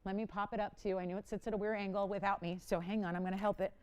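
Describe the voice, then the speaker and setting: A woman hosting a live jewelry auction on TV, chatty and animated, playfully dramatic as she talks to callers and crew. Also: mid-range voice, fast talker, clean tone. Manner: dramatic, playful self-mocking. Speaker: live shopping host. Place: TV studio.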